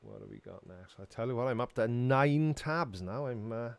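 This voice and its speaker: A man's voice: medium pitch, animated, moderate pace, no echo. A middle-aged man, casually answering viewers' questions on a live stream in a dry, sarcastic way. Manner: dry, sarcastic, self-mocking.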